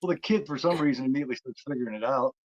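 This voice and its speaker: A man's voice: medium pitch, very fast, a crowd in the background. A man co-hosting a film review podcast, retelling a horror movie in a rambling, casual way with many fillers. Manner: rambling, full of fillers and restarts. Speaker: podcast co-host. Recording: dull dry lo-fi recording.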